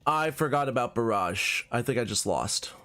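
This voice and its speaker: A man streaming a card game, chatting casually with a friend while he plays and laughing often. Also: faint music behind. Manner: animated, quick swings in pitch, laughs often. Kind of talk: casual gameplay commentary with banter.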